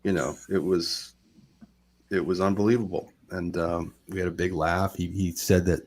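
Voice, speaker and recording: A man's voice: low voice, moderate pace. A man telling a long personal story on a live talk show, rambling and acting out what people said. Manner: rambling, animated retelling with quoted voices. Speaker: guest storyteller.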